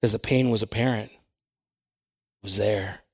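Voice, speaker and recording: A man preaching a sermon to his congregation, moving between quiet prayer, personal stories told with acted asides, and loud, shouted preaching. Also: fairly low pitch, steady tone, moderate pace, husky. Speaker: pastor.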